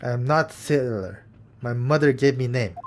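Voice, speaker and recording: A man's voice: medium pitch, normal speed, slight background noise, natural voice. A man voicing a burly, surly sailor guard with a put-on Russian accent and broken English. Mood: boastful. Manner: broken English, curt and scornful. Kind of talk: reading game dialogue aloud.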